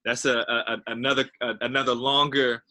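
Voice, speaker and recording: A man's voice: mid-range voice, flat delivery, brisk, bright, forceful tone. A man interviewing a guest, speaking hesitantly and repeating his words as he looks for them. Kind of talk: conversational interview.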